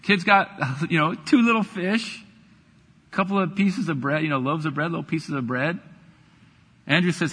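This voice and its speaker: Joking pastor in an echoing church. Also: male voice, a little high, lively intonation, a little fast, sharp tone, breathy edge. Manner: playful, jokey, acts out voices of people in the story. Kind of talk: sermon.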